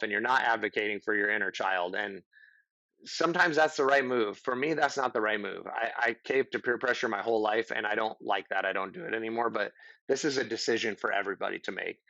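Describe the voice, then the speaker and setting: A man's voice: fairly low pitch, bright, forceful tone, dry recording, muffled recording. A middle-aged man giving casual, earnest advice as a podcast guest, rambling and acting out example conversations.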